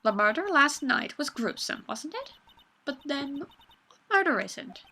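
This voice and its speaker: A woman's voice: high-pitched, big pitch swings, unhurried, sharp tone, slight background noise, pitched above the performer's own voice, full character voice. Woman doing a pompous scolding old lady. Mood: haughty. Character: haughty, nosy old female security guard.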